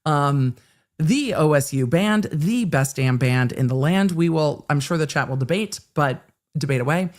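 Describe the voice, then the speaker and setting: A woman's voice: low voice, animated, unhurried. A middle-aged woman hosting a livestream in a casual, rambling way, often restarting her sentences while she chats and reads viewer comments. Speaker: host.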